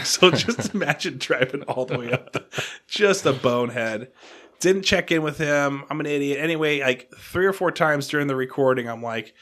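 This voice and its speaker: A man hosting a podcast, telling a long story in casual chat, animated and self-deprecating, acting out what people said. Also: mid-range voice, moderate pace. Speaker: podcast host.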